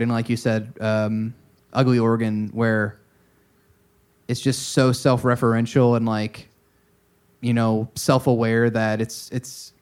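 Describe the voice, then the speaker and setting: A man's voice: medium pitch, clean tone. A man co-hosting a casual music podcast, thinking aloud with many fillers and restarts. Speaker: podcast co-host.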